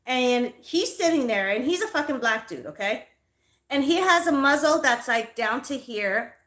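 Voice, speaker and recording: A woman ranting on a live stream, swearing freely as she tells a story that has her fuming. Her voice sits a little high, and the room around her has a strong echo. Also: expressive, moderate pace, fairly bright tone. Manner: profane, heated ranting. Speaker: psychic reader hosting a live stream. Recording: echoey room.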